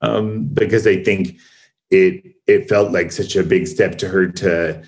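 A man with a deep, low voice speaks in a relaxed interview. He is a series co-creator and talks thoughtfully, often backing up to restart a sentence. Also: unhurried, low-quality recording. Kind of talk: casual interview talk.

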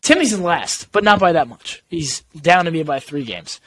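A man's voice: a little high, lively intonation, moderate pace, a bit bright. A young man hosting a casual sports chat show, teasing his co-hosts as he runs the segments. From Italian-American family. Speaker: podcast host.

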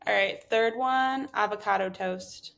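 A woman hosting a podcast interview, her voice hoarse and giving out, chatty and full of strong opinions. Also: medium pitch, unhurried, a bit bright. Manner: chatty, opinionated hot takes. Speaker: podcast host. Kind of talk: casual interview chat.

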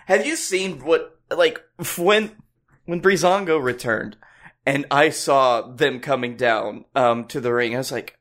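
A man's voice: fairly high pitch, fairly bright tone. A man co-hosting a podcast, ranting and joking in casual, profane chat about wrestling. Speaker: podcast co-host.

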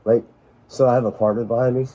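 A man's voice: mid-range voice, little pitch movement, quick pace, warm tone. A man hosts a casual chat from an outdoor hot tub, telling rambling, profane stories. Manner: rambling, profane, laid-back storytelling. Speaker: podcast host.

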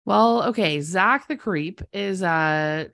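A woman co-hosting a podcast, recapping a TV episode in casual chat, excitable and quick to exclaim, laughing mid-sentence. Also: fairly low pitch, creaky. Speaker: podcast co-host.

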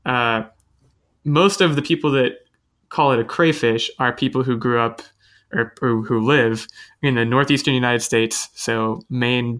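Male podcast host, bright forceful tone, loose chatty delivery, self-deprecating humor. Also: mid-range voice. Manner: chatty, self-mocking, thinks aloud with restarts. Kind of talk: casual podcast chat.

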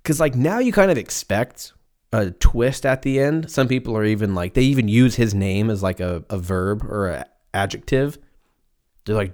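Podcast host, American man in his thirties, slight lisp, animated swings in pitch, jokey and profane. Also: normal speed. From United States. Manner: profane, joking, stumbles over words. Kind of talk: casual rambling chat.

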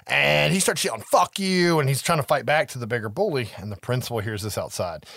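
A man's voice: mid-range voice, fast talker, vocal fry, no echo, clean studio sound. A man casually recapping a horror movie scene by scene, cursing freely and acting out the characters' lines. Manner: profane, animated storytelling with quoted voices.

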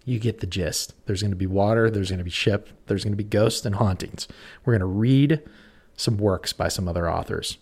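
A man's voice: fairly low pitch, moderate pace, a little mellow, husky. A man hosting a podcast in casual chat, playful and giggly. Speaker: podcast host.

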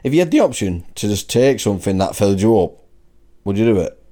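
A man's voice: on the low side, big pitch swings, fast talker, mellow. A man with a Wigan accent co-hosting a podcast in casual chat, swearing freely and laughing often. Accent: Wigan, Lancashire. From Wigan, England. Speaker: podcast co-host.

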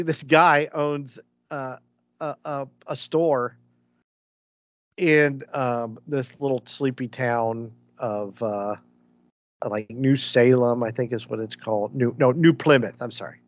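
A man's voice: mid-range voice, slow, dull audio. A man co-hosting a podcast, rambling through movie recaps in casual chat and laughing as he goes. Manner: rambling, restarts, laughs while telling stories. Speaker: podcast co-host.

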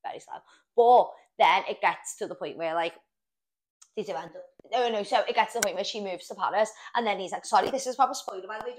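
A woman's voice: fairly low pitch, a bit bright. A young woman, rambling and swearing as she retells a story in a casual podcast chat. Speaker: podcast co-host.

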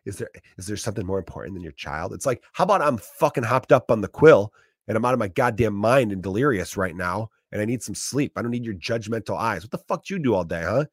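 A man's voice: lowish voice, animated, fast, dry recording, clean studio sound. A man in his thirties with a profane, rambling style in a casual comedic monologue.

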